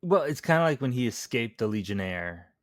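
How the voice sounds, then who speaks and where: A relaxed man trades takes on a movie with his co-host, leaning on fillers as he goes. His voice is mid-pitched and recorded close and dry. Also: brisk, no echo. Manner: laid-back, many fillers like "like" and "right". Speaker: podcast co-host. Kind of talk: casual movie review chat.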